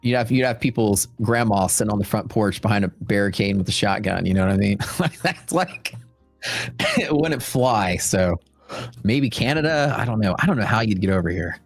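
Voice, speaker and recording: A man's voice: lowish voice, a little fast, no echo, faint music behind. A man with a Texan accent hosting a trading livestream in a rambling, chatty way, full of fillers and asides. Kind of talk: casual livestream chat.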